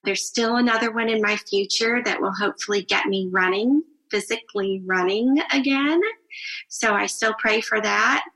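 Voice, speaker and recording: Podcast co-host lady, raspy fry, bright tone, earnest casual chat. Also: medium pitch, normal speed, poor audio.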